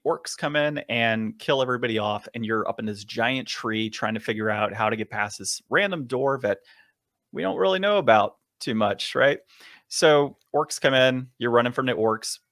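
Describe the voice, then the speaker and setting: A man co-hosting a podcast, telling a long story in a casual, animated way and chuckling often. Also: medium pitch, no echo, clean studio sound. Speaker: podcast co-host.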